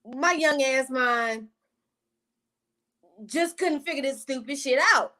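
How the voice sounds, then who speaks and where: Woman vlogger, slightly high voice, rambling and profane storytime delivery full of asides. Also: takes it slowly, pushed and bright. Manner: profane, rambling, with side tangents to viewers. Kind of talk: casual storytime monologue.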